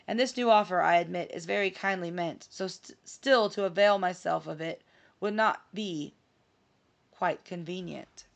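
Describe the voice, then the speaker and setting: A woman's voice: fairly low pitch, moderate pace, creaky, dull audio. A woman reading aloud as a mild, polite man kindly declining an offer. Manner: mild and gracious.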